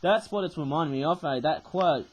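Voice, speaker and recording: An older man in his sixties talks through an unboxing in a high, croaky voice. He rambles and throws in jokey asides as he goes. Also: fairly quick, low-quality recording. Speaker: toy channel host. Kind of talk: chatty unboxing commentary.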